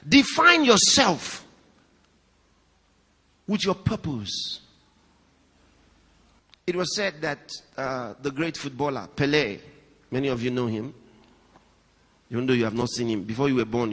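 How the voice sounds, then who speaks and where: In front of a live congregation, a male pastor preaches at a moderate pace with frequent pauses, going from raised, high emphasis to quiet, low storytelling. He directs questions and asides at his listeners, heard in a hall with long reverb.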